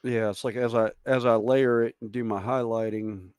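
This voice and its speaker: A man's voice: medium pitch, moderate pace, dry recording. A man from the southern United States with a Southern American accent, telling stories in a casual chat on a stream. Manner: storytelling, animated anecdotes.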